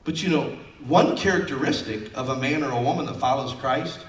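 A man's voice: medium pitch, brisk, roomy sound, distant mic. A man preaching a sermon as pastor, folksy and conversational, acting out quotes from his stories.

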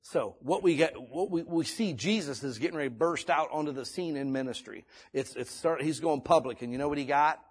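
A man's voice: a little high, brisk, hardly any pauses, breathy edge. A male pastor preaching a conversational sermon, reading scripture and building to emphatic exhortation.

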